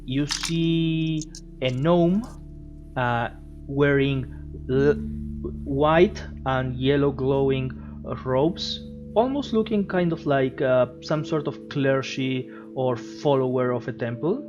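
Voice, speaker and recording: Rambling game master over music. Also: male voice, medium pitch, slow pace. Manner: rambling, with frequent fillers. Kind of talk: narrating a tabletop game. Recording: dull lo-fi with music behind.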